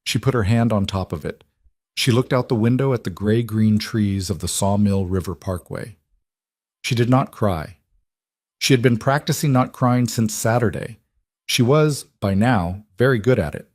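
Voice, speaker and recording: A man narrates a scripted drama in short, even, declarative sentences. His voice sits fairly low. The sound is close and dry, with no room echo.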